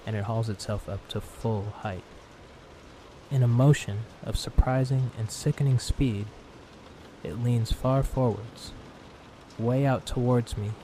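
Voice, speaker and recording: Calm low-voiced male horror narrator. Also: background noise. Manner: calm, slow, hushed. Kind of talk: calm sleep story narration. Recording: steady rain sound behind.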